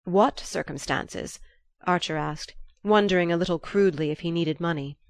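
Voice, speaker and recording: A woman reading a classic novel aloud in a measured, even narration. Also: fairly low pitch, clear, resonant tone, dry recording. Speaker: audiobook narrator. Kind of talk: scripted narration.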